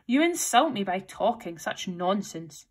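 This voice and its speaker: A woman's voice: medium pitch, very animated, a little slow. A woman voicing a touchy, indignant little mouse who speaks sharply and angrily. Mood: sharp, cross. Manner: sharp and angry.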